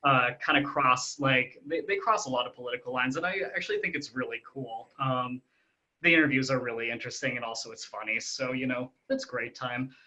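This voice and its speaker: A man's voice: mid-range voice, a little fast, pushed and bright, dull audio. A man in a casual interview, rambling through his answers with many fillers and restarts. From Ireland. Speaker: guest.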